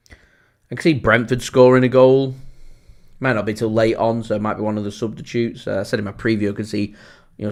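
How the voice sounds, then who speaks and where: A man with a Lancashire accent gives live commentary on a football watchalong. He talks in a low register, rambling through match talk and replies to viewers. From Lancashire, England. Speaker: fan channel host.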